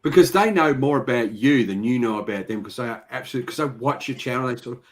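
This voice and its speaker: A man's voice: mid-range voice, fast. A middle-aged Australian man from Victoria, hosting a casual live-stream chat, telling stories, getting sidetracked and laughing often. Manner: chatty storyteller, easily sidetracked, laughs often. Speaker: host. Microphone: video call.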